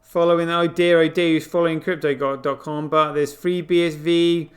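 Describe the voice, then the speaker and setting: A man's voice: a little high, level tone, moderate pace. A man hosting a crypto show, giving casual, incredulous running commentary on what he sees on screen, with frequent exclamations. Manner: exclaiming, incredulous, swearing asides.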